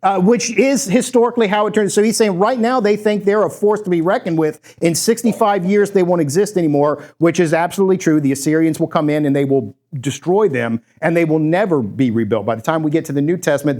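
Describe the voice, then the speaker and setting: A man preaching a sermon from the pulpit, with a voice that sits a little higher than most men's. He talks to the congregation in a conversational way, as if chatting with them. When he tells a story, he acts out the quoted lines in different voices. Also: darkish tone. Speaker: pastor.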